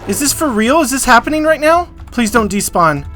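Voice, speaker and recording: A gaming video creator giving excitable survival-game commentary, coaxing in-game animals aloud and reacting to surprises. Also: medium pitch, brisk, faint music behind.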